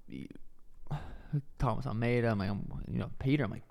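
A man's voice: medium pitch, brisk, gravelly, a little mellow. A young man co-hosting a casual podcast chat, talking loosely and confidently with plenty of swearing. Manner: loose, profane, confident banter. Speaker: podcast co-host, fighter.

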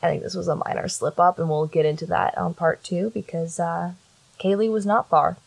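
A woman's voice: on the low side, fairly even intonation, brisk, creaky, dry recording. A young woman hosting a casual chat, recounting a case and reading out quotes with blunt sarcasm. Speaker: podcast host recounting a case.

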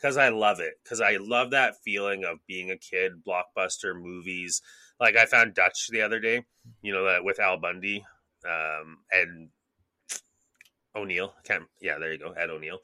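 Deep-voiced, rambling man in his thirties. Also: steady tone, a little slow, sharp tone, no echo. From Canada. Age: 30s. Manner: rambling, swears a lot, acts out his own thoughts in quotes. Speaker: podcast co-host. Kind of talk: casual chat.

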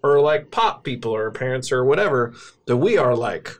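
A woman co-hosting a casual chat, wry and joking with quick asides. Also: a bass voice, expressive. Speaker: podcast co-host.

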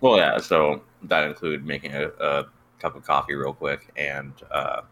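A man's voice: a bass voice, steady tone, moderate pace, a bit bright, slight background noise. A man co-hosting a casual podcast, having just woken up, eating and talking in a laid-back, hesitant way. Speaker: podcast co-host. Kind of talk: casual chat.

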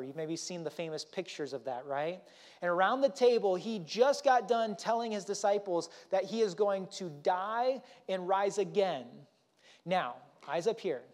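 High-voiced man preaching. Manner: conversational, animated, often asks "right?". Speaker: pastor. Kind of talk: sermon. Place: church.

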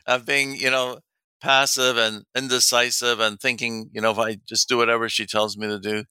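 This middle-aged men's dating coach has a clear, resonant, medium-pitched voice and speaks at normal speed, with no echo. Telling stories in a casual, animated way, he performs the quoted dialogue himself and laughs a lot.

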